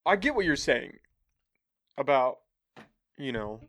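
A man's voice: medium pitch, sing-song, takes it slowly, a bit bright, no room sound. A young man hosting a casual podcast chat, cracking dry, teasing jokes. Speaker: podcast host.

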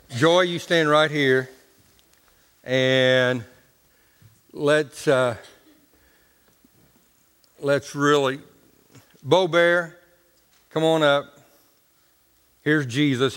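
Brief: homespun male preacher, high for a man, in a church with long reverb. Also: a bit bright, clean tone. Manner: homespun and colloquial, talks to the congregation. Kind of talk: folksy storytelling sermon.

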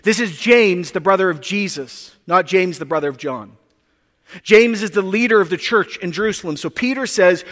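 A man's voice: high-pitched, animated, normal speed, a bit bright. A man preaching a sermon, telling the story with animation and acting out the characters. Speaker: pastor. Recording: long hall reverb.

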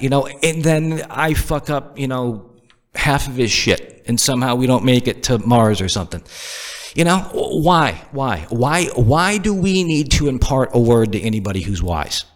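A man's voice: medium pitch, lively intonation, normal speed. Exasperated man ranting about sayings. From Northeast US. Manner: exasperated, rhetorical questioning, profane. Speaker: comedian. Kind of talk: comedic rant.

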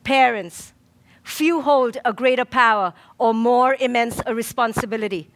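Measured, emphatic woman psychologist. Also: on the high side, fairly bright tone. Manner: slow, emphatic, rhythmic lists with dramatic pauses. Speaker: clinical psychologist, guest. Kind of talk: inspirational talk.

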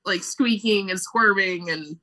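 A woman in casual conversation, telling a camp story with lively acted-out quotes and frequent "like" fillers. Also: medium pitch, a little slow. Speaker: camp staff member. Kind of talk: animated storytelling.

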